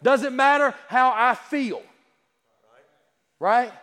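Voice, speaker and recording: High-voiced man preaching in an echoey hall. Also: extremely slow, sharp tone. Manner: emphatic, repetitive rhetorical questions; stammering restarts. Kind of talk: sermon. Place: church service.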